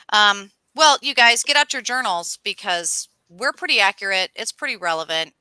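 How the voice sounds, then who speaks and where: A woman co-hosting a casual chat show, telling stories in a lively, animated way. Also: mid-range voice, moderate pace, clear, resonant tone, no echo, low-quality recording. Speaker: co-host.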